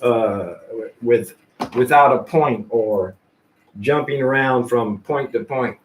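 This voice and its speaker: A man's voice: medium pitch, slow pace, a little hiss or hum. A man casually vlogging at home, rambling and jumping between topics with many restarts.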